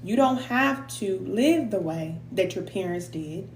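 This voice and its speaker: A woman's voice: medium pitch, expressive, a little slow, roomy sound, a little hiss or hum. A middle-aged woman giving a heartfelt, preacher-like spiritual talk, at times emotional and sighing, with casual slang. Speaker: spiritual reader and coach. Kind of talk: live tarot reading and motivational talk.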